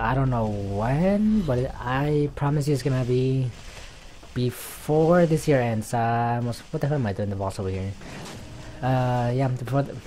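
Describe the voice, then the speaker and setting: A young man chatting loosely as he plays a video game at home, losing his train of thought and breaking into excited yells. His voice sits in an ordinary middle pitch. A faint hiss of background noise runs under the recording. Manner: rambling, easily distracted, excitable outbursts. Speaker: gaming YouTuber. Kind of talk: casual gameplay commentary. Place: home room in front of TV.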